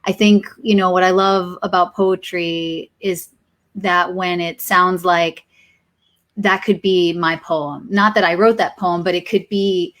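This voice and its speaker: A woman's voice: on the low side, steady tone, unhurried, a bit bright. A woman hosting an online poetry event, gushing and emotional, talking with many fillers over a video call. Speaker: event host. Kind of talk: casual hosting.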